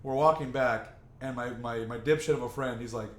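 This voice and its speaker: In an echoey room with faint ambience, a young podcast host rambles through a lengthy, profane story among friends, breaking off and restarting his sentences often. His voice is mid-range and his delivery brisk.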